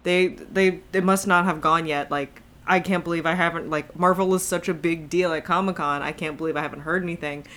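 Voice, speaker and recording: A woman's voice: fairly low pitch, fairly even intonation, fairly quick, hardly any pauses, a bit bright. A woman co-hosting a podcast in casual chat, rambling with asides and frequent laughs. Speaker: podcast co-host.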